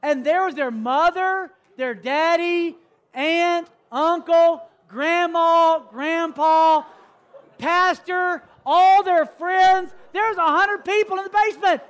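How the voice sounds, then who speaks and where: A man's voice: extremely high pitch, slow, fairly bright tone. A man, a youth pastor preaching, telling stories, acting out characters and calling for responses from the group. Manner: storytelling, acts out characters, calls for responses. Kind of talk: sermon.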